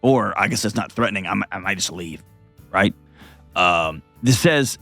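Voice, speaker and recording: A man's voice: sits low, expressive, normal speed, vocal fry, fairly bright tone, faint music behind. A middle-aged man hosting an advice show, blunt and emphatic, driving his points home with short repeated commands. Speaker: show host. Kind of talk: opinionated advice commentary.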